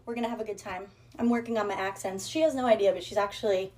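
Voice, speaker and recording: A woman's voice: mid-range voice, fairly even intonation, quick pace, darkish tone. A woman vlogger telling a story in a brash, profane, sassy rant.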